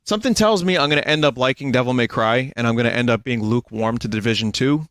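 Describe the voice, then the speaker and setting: A man's voice: mid-range voice, fast talker, fairly bright tone, smooth, no echo, studio quality. A man streaming a video game, chatting casually in a rambling, self-deprecating way. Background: game music.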